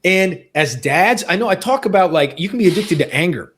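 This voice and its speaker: A male podcast host talks in a relaxed, conversational way with a voice pitched a little high. He is earnest and often repeats a phrase to drive a point home. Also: brisk, a little hiss or hum.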